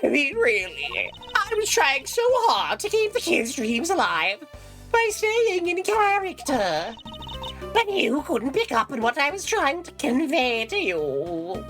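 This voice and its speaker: A woman doing a shrill, whiny old busybody lady. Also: huge pitch swings, fairly bright tone, exaggerated voice. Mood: scolding. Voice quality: high, drawn-out and shrill. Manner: drags out words in a sing-song whine. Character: elderly gossipy woman, shrill and overbearing. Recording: game music playing underneath.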